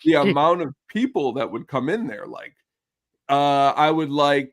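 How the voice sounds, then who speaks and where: A middle-aged man with a voice sitting a bit higher than most men's, chatting casually as a podcast guest. He tells animated stories and jumps into the voices of the people he quotes. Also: measured pace. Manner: animated storyteller who acts out the people he quotes.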